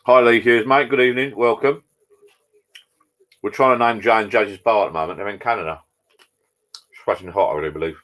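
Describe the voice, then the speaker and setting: A man's voice: on the low side, fairly quick, pauses often, a bit bright. A man hosting a casual live stream from his garden bar, chatting with viewers, reading their messages and trading cheeky jokes.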